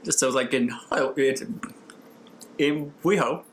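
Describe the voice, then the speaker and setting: A Texan man with a Texan accent co-hosts a podcast, his mid-range voice moving at a slow pace. The chat is giggly, campy, rambling and casual.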